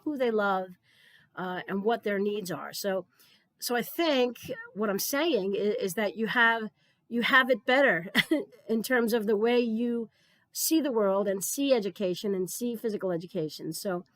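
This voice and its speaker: A woman's voice: on the high side, no echo. A middle-aged woman giving an earnest conference keynote, telling stories and often repeating words as she starts a thought. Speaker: keynote speaker.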